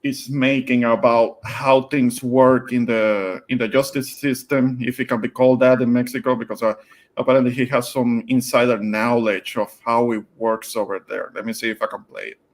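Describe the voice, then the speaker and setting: A man's voice: mid-range voice, level tone, moderate pace. A man hosting casually, starting and restarting his phrases while he sets up a video. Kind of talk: casual chat.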